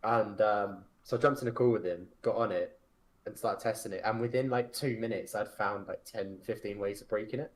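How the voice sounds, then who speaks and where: A man's voice: fairly low pitch, steady tone, brisk, poor audio. A 26-year-old man with a Milton Keynes accent, chatting casually on a game dev stream and telling loose, filler-heavy stories. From England. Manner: rambling, filler-heavy storytelling with light laughter. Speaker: game developer stream co-host.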